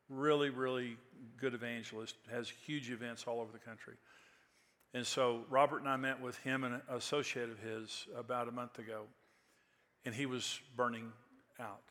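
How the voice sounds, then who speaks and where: A man's voice: mid-range voice, a bit bright, in a large hall. A man in his sixties preaching a sermon, telling stories in a conversational way that rises to emphatic peaks. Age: 60s. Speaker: pastor. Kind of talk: sermon with storytelling.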